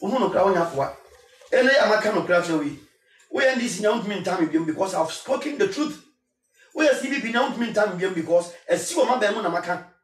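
Ghanaian guy preaching hard, high voice, repeats himself a lot, sounds far off in an echoey room. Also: lively intonation, quick pace. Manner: emphatic, repetitive, preacherly, switching between Twi and English. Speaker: singer. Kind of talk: impassioned spoken appeal.

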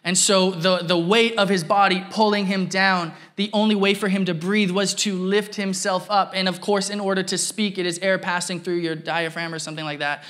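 A pastor from Canada delivers a sermon in a bright, forceful voice. He speaks in a lively, animated way and acts out the other people in his story. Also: high voice, normal speed, few pauses. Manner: animated, acts out quotes, laughs while telling.

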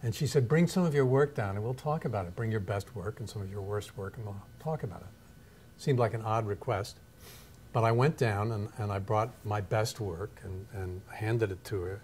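A man's voice: fairly low pitch, darkish tone, slight background noise. A man, a photographer and teacher, reflecting and telling anecdotes in a studio interview. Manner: thoughtful, anecdotal, measured.

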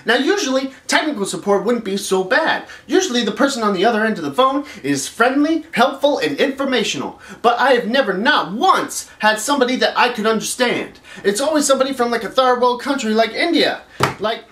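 A man's voice: extremely high pitch, very animated, brisk, hardly any pauses, a bit bright. A man hosting a comedic rant vlog, exasperated and swearing as he complains. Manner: exasperated, profane ranting. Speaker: vlog host. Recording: roomy echo.

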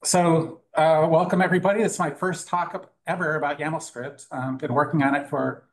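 A man's voice: on the high side, steady tone, normal speed, rough recording. A man giving a casual, joking live talk at a meetup, with plenty of fillers and restarts. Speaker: conference speaker. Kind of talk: live tech talk with demo. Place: meetup room with audience.

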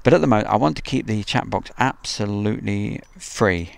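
A man hosting an outdoor live stream by an airfield, chatting casually and reading out viewer comments, joking and pausing with frequent ums. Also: fairly low pitch, vocal fry, no echo. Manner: chatty, jokey, halting with many ums.

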